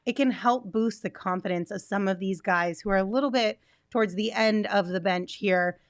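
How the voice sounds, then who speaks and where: A woman co-hosting a casual sports podcast, upbeat and brisk, running through the team news smoothly. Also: mid-range voice, no room sound, studio quality.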